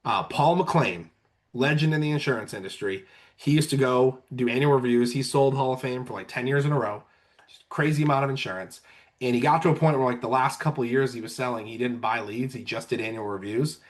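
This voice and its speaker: A man's voice: medium pitch, brisk. A man who manages insurance agents, chatting casually on a podcast and telling sales stories, often acting out what clients said. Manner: storytelling, acts out clients' lines.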